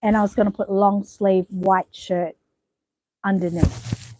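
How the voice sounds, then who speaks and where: An Australian woman chatting casually at home as she shows off outfits, rambling and often dropping to a hushed voice. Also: medium pitch, level tone, a little slow, noisy background. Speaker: vlogger showing reborn dolls. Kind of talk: casual show-and-tell chat. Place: home bedroom.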